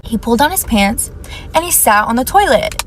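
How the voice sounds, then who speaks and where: A woman telling a date story in a loud, animated, blunt casual monologue. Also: on the high side, normal speed, a little hiss or hum.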